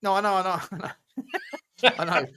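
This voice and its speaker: A man co-hosting a casual football chat, blunt and sweary, quick to laugh. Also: sits high, fairly even intonation, pushed and bright, a little hiss or hum. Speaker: co-host.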